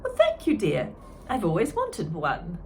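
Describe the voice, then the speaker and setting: Woman doing high, choked-up older lady in a storybook, lively swoops. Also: a little slow, a little hiss or hum. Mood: touched. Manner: high, emotional, choked-up delivery. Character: older woman artist, tender and tearful.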